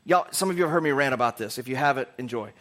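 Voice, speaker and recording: A man's voice: medium pitch, racing, fairly bright tone. A man teaching a casual sermon, conversational and rambling with jokey asides.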